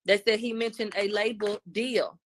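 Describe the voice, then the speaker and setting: A woman recapping court testimony in a casual, animated way, using loose slangy speech. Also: medium pitch, moderate pace.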